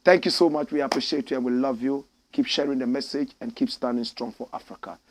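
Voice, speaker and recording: A middle-aged man with a Ghanaian English accent, hosting a political commentary show with fiery, preaching delivery that climbs to shouts. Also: medium pitch, fairly even intonation, fast talker, slight background noise.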